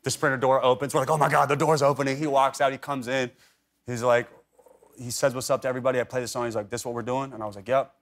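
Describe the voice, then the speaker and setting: A man's voice: medium pitch, flat delivery, fast talker, a bit bright. Rambling young man telling stories. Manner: rambling storyteller, heavy on "like" and restarts. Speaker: talk show guest. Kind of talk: casual chat. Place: TV studio.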